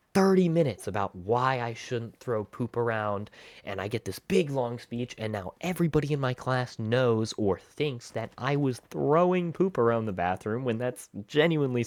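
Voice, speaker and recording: A man telling a story from his school days in an animated, expressive vlog. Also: medium pitch, no echo. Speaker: vlogger.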